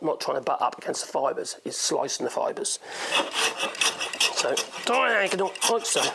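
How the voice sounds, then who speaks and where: Through heavy background noise, a man with a somewhat high voice and a Norfolk accent chats his way through a rambling woodworking demonstration in his workshop. He's from Norfolk, England, and thinks aloud as he works.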